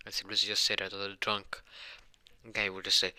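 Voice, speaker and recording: A man's voice: low voice, monotone, normal speed, sharp tone, dry recording. Rambling man telling an improvised fan story. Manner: rambling, many fillers and restarts. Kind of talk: improvised fan fiction narration.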